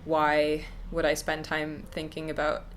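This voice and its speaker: Low-voiced hesitant young woman. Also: completely flat delivery, a little slow, slight background noise. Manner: hesitant, many ums and restarts, reflective. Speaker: YouTuber. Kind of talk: casual unscripted talk to camera.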